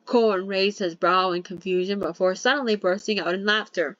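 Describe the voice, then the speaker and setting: Young woman reading a novel aloud, casual, quick to joke and swear, dry muffled sound. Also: mid-range voice, dry recording. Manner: joking asides, swears, self-corrects. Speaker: novel reader. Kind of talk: casual novel read-along with commentary.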